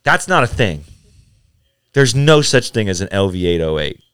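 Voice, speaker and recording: A man's voice: on the low side, very animated, normal speed, fairly bright tone, smooth. A man co-hosting a casual podcast, swearing a lot and ranting in angry bursts. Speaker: podcast co-host.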